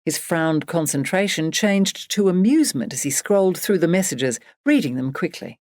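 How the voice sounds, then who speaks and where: A woman with a fairly low voice narrates an audiobook from a script, reading in a measured, expressive way. The recording is dry and has clean studio sound.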